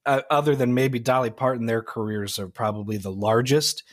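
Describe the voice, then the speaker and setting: A man's voice: medium pitch, steady tone, brisk, dry recording, studio quality. A man co-hosting a podcast in easygoing casual chat, swearing and laughing now and then. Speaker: podcast co-host.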